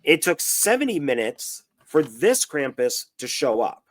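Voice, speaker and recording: A man's voice: on the high side, sing-song, measured pace. A man co-hosting a casual film review chat, answering with brief, matter-of-fact facts. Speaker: co-host reviewing films.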